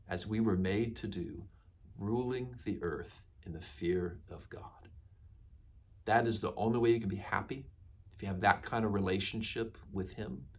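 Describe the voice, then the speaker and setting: A man preaching a sermon in a husky, slightly low voice. He speaks earnestly and with emphasis, slowing down on the phrases he wants to land. The delivery is steady, like a pastor teaching.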